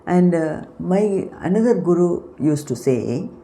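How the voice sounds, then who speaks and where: A woman giving an unscripted spiritual talk as host of her channel, unhurried and explanatory, often pausing to search for words. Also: fairly low pitch, animated, mellow, a little hiss or hum.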